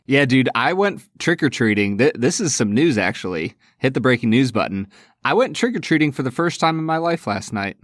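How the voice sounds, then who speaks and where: A man in his thirties co-hosting a podcast, laid-back and quick to laugh. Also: mid-range voice, very animated, a bit bright, no room sound, studio quality. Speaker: podcast co-host. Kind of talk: casual chat.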